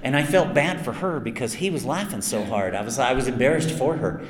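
Brisk and mid-range, this male voice actor's voice carries over crowd noise at a convention panel. He answers fan questions with long, chatty, self-mocking stories, full of acted quotes. The hall is echoey, with some noise.

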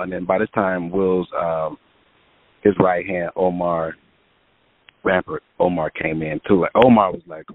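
A man's voice: low-pitched, measured pace, no echo. A man, a music producer, telling a story in casual talk, acting out what people said, with lots of fillers. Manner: animated storyteller, acts out quotes, lots of fillers. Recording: tinny phone-like line.

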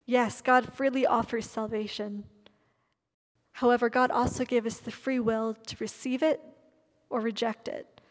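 A woman delivers a sermon, her slightly high voice slowing and pressing on the words she wants to drive home. Her voice rings with the long reverb of a large hall. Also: steady tone. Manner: emphatic, stresses key words with slowed delivery. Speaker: preacher.

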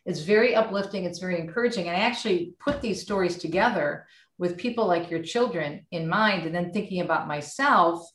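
A middle-aged woman, a radio host, chatting with warm encouragement in a casual podcast conversation. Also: fairly low pitch, fairly quick. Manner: warm, animated and encouraging, speaks of faith. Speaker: radio host and author guest. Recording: roomy echo.

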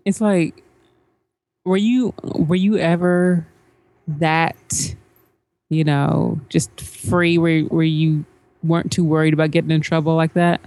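A woman's voice: deep voice, steady tone, slow pace, a little mellow, no echo. A woman co-hosting a podcast, chatting casually in loose, rambling phrases that trail off. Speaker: podcast co-host. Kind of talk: casual chat.

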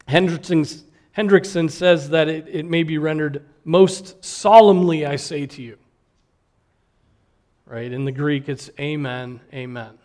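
Male preacher mid-sermon, earnest and emphatic, slightly higher voice, stumbles and restarts. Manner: earnest, emphatic, with repeated restarts and rhetorical "right?".

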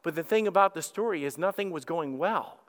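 A man preaching a sermon as lead pastor, telling the story in an animated way and acting out characters, heard with long hall reverb. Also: fairly high pitch, fairly quick.

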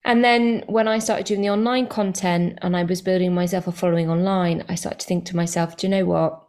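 A woman stand-up comedian chatting as an interview guest, talkative and quick to correct herself, with lots of fillers. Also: fairly low pitch, fairly even intonation, darkish tone. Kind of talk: casual interview chat.

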